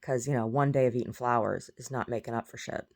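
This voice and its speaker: A woman's voice: rumbling low, fairly even intonation, quick pace, darkish tone. A woman vlogging in a rambling, chatty way, jumping between topics. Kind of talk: casual chat.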